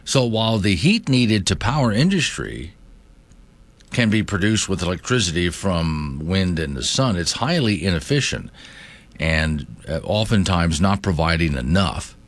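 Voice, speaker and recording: Man, radio host, low voice, animated pitch, conversational. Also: measured pace. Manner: conversational, animated, reads news aloud with asides. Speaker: radio morning show host. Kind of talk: talk radio monologue and banter.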